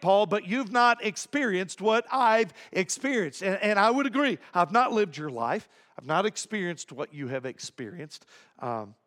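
A male pastor delivers an emphatic sermon in a fairly bright tone. He repeats key phrases and swings between low asides and raised points.

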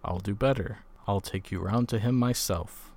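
A man reading the lines of a calm, brisk and kindly doctor who speaks in a practical way. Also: on the low side, gravelly.

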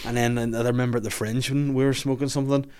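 Guy on a podcast, talks really fast, swears loads, keeps laughing. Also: medium pitch, level tone, a little mellow, smooth. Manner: swears a lot, laughs while telling stories. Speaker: podcast host. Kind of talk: casual storytelling chat.

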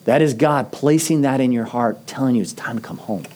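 A middle-aged man delivers a sermon in a relaxed, mellow voice of ordinary pitch. He speaks earnestly and conversationally, leaning into personal stories and slowing down to stress his main points. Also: a little hiss or hum. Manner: earnest, conversational storytelling with slow emphatic phrases. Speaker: pastor.

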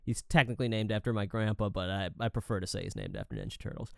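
A man in his thirties co-hosting a casual podcast, telling swearing, animated family stories and acting out the voices. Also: lowish voice, quick pace, vocal fry, no echo, clean studio sound. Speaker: podcast co-host. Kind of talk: casual chat.

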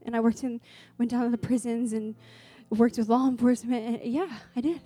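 Preaching to a congregation in a gathering room, a woman speaks briskly in a warm, fairly high voice with fairly even intonation. Her earnest personal testimony rises into fervent exhortation, over soft background music.

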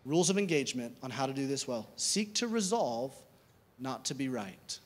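A pastor preaching a conversational sermon, asking rhetorical questions and repeating key words for emphasis. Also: male voice, medium pitch, lively intonation, moderate pace.

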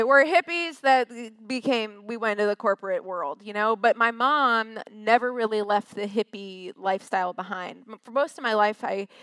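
A woman's voice: mid-range voice, fairly bright tone, smooth, dry recording. A young woman from Westchester, chatty and self-deprecating with many fillers, telling a personal story on stage.

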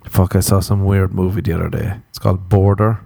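A man riffs through a loose comedic monologue, crude and self-mocking, swearing constantly and drifting from one aside to the next. His voice sits low, with a warm, mellow tone. The sound is dry and close, with no room around it. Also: little pitch movement, fairly quick, vocal fry, no echo.

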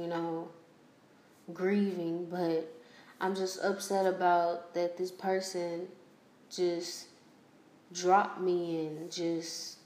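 A woman hosting a personal podcast, talking haltingly with many fillers and restarts as she holds back tears. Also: fairly low pitch, a little mellow, reverberant. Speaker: podcast host.

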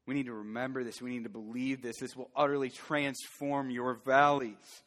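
A man's voice: mid-range voice, level tone, moderate pace, hardly any pauses, a bit bright. A man preaching a sermon as pastor, earnest and building to fervent emphasis. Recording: long church hall reverb.

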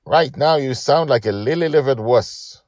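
A man's voice: medium pitch, moderate pace, darkish tone, no echo, clean studio sound, pitched above the performer's own voice, lightly acted. A man voicing a bossy four-year-old girl who plays a pirate captain and speaks harshly and commandingly.

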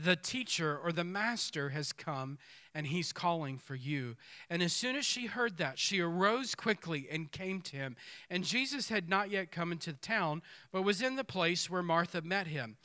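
A man preaching a sermon, reading scripture aloud and commenting on it in an animated way that acts out the people in the story. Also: a little high. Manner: animated, acts out the speakers in the text.

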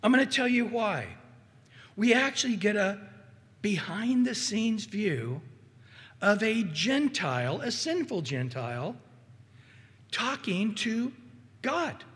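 A man preaching a sermon as pastor, animated and acting out quoted voices. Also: sits high, slow pace, long pauses. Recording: hall reverb.

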